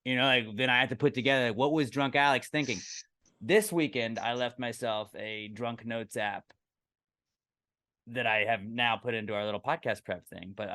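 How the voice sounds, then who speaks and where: Rambling male podcast co-host, smooth voice. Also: medium pitch, bright, forceful tone. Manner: rambling, full of "like" fillers. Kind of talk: casual chat.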